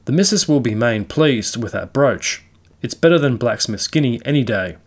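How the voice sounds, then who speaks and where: A man's voice: medium pitch, expressive, moderate pace, lightly acted. Man reading as a fretful country landlord. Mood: worried. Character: worried married village landlord, plain country man.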